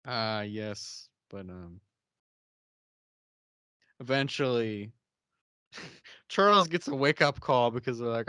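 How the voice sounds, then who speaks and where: A man's voice: mid-range voice, animated, unhurried, pauses often, a bit bright, clear, resonant tone, no echo. Giggly young man recapping a show. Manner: giggly, laughs often, acts out characters' lines. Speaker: podcast host. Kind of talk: casual chat recapping a TV episode.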